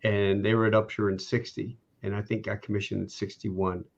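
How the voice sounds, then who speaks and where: A man's voice: lowish voice, flat delivery, fairly quick, vocal fry, dull audio. A man hosting a podcast, chatting in an easygoing, rambling way. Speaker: podcast host. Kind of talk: casual conversation.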